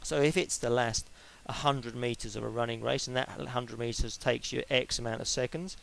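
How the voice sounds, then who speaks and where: A man's voice: mid-range voice, steady tone, normal speed, gravelly, fairly bright tone, rough recording. A middle-aged man giving an informal lecture on sport psychology, chatty and explaining step by step with everyday examples.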